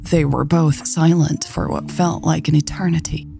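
Low, gravelly woman storyteller. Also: steady tone, moderate pace, warm tone, soft background music. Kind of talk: scripted audiobook narration.

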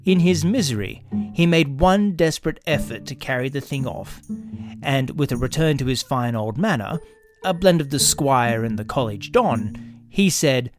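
A man narrating a children's storybook in an expressive, animated reading. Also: mid-range voice, moderate pace, faint music behind.

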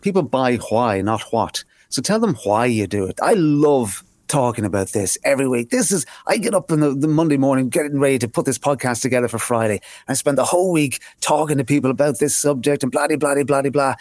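A man co-hosting a podcast in a casual, animated, jokey way, often repeating words as he gets going. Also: medium pitch, fairly quick, hardly any pauses, dry recording. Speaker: podcast co-host.

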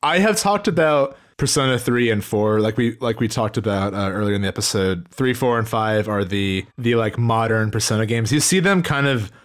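A man's voice: fairly low pitch, expressive, normal speed, hardly any pauses. A young man co-hosting a casual gaming podcast, rambling and jokey with lots of fillers. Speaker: podcast co-host.

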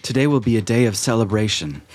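Man as a formal gnome lady in her fifties, prim and measured. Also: on the low side, animated, a little mellow.

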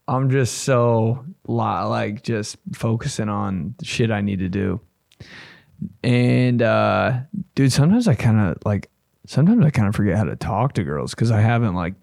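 A young man hosting a podcast, chatting casually in a loose, profane, rambling way with bursts of excitement. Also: on the low side, gravelly, no room sound, studio quality. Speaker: podcast host. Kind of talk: casual chat.

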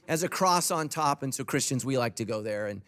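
A man's voice: medium pitch, animated, a little fast, fairly bright tone. A middle-aged man preaching a sermon as a pastor, humorous and conversational.

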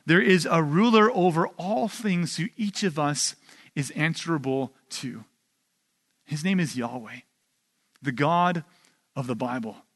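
Brief: male pastor with a high voice, casual and emphatic sermon delivery, punctuated by rhetorical asides. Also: a bit bright. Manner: emphatic, conversational preaching with rhetorical "right?".

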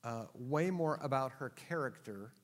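A man's voice: mid-range voice, lively intonation, a little slow. A man teaching a Bible class to a live audience, joking and teasing his listeners as he explains the text. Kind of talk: classroom lecture. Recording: long hall reverb.

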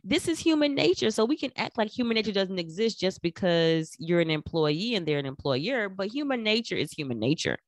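A middle-aged woman giving career advice in an emphatic, animated talk, acting out quoted remarks. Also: medium pitch, brisk, few pauses, dry recording, studio quality. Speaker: career coach. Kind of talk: instructional talk.

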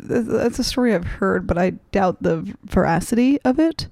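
A woman in her thirties co-hosting a podcast, chatty and laughing often with quick asides. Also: medium pitch, lively intonation, creaky, mellow, no room sound, studio quality. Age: 30s. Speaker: podcast co-host. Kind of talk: casual chat.

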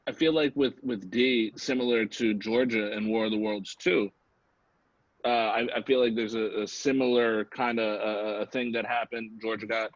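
A man's voice: on the low side, steady tone, normal speed, dry recording. A man hosting an interview, laid-back and hesitant, asking questions casually. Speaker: podcast host, interviewer. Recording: dry, dull lo-fi audio.

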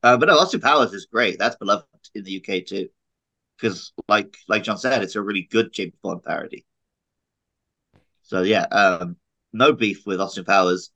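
A man co-hosting a podcast in casual chat, chatty and quick to laugh. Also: lowish voice, pushed and bright, low-quality recording. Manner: chatty, laughs often, uses "like".

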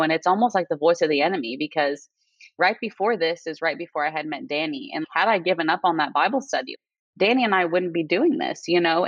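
A woman's voice: low-pitched, a bit bright, no room sound. A young woman and nurse, a podcast guest, sharing her faith story in casual, earnest chat full of "you know" and "like". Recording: dull lo-fi audio.

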